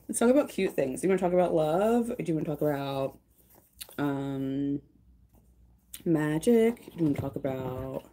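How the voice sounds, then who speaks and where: Young woman streamer, slightly low pitch, rambling casual chat with viewers. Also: mellow. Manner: chatty and gushing, lots of fillers. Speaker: livestream host.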